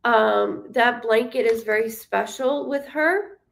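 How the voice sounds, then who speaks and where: A woman with a somewhat high voice gives a live-streamed spirit reading, talking slowly and unhurriedly. She halts often, fills pauses with ums and corrects herself mid-sentence. She keeps apologizing to her viewers and reassuring them as she goes. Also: creaky. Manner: halting, with frequent ums and self-corrections. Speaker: psychic medium.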